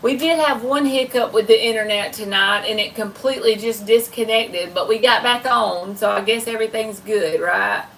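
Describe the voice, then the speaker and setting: A woman's voice: on the high side, moderate pace, gravelly, few pauses, a bit bright, distant mic, slight background noise, low-quality recording. Chatty Southern woman on a livestream. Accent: Southern American. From American South. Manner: chatty, folksy, talks to viewers in chat. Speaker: livestream tarot reader host. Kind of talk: casual late-night livestream chat.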